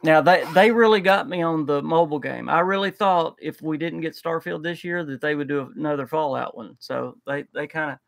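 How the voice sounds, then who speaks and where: A man chats casually on a live reaction stream, eager and rambling, often restarting his sentences. His voice sits a little high and has a gravelly, fry-laden edge. The sound is dry and close, with no room echo at all. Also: a little fast, few pauses, a bit bright. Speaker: livestream co-host.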